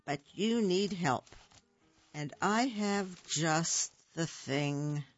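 A woman voicing a fast-talking, sly salesman fox with a pushy sales pitch, read for a children's storybook. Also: lo-fi sound, soft background music. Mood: persuasive.

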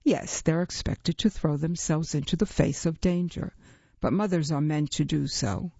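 A woman voicing a cold, amused dragon woman who teaches a class with dry, unhurried mockery. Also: fairly even intonation, vocal fry, dark tone, husky, no echo, full character voice. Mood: lecturing. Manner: dry, mocking, unhurried lecturing. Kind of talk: audiobook reading. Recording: dull, low-fi recording.

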